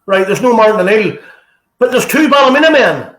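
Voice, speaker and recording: A man's voice: high voice, sing-song, brisk, a bit bright, roomy sound. A man with a Northern Irish accent, asking rambling, chatty interview questions. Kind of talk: casual interview chat.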